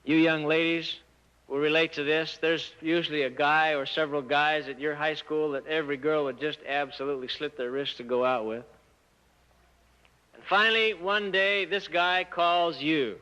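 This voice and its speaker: A man giving a church talk to teenagers, an animated storyteller who asks rhetorical questions and acts out the dialogue. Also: a little high, brisk, clear, resonant tone. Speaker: church speaker addressing youth. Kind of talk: sermon-style talk to teens. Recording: muffled lo-fi recording.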